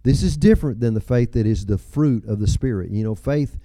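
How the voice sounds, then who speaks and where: A pastor in his seventies preaches with a mellow, warm, medium-pitched voice at a fairly quick pace. His storytelling is folksy, full of chuckles and personal asides. The recording is dry and close, with no room sound.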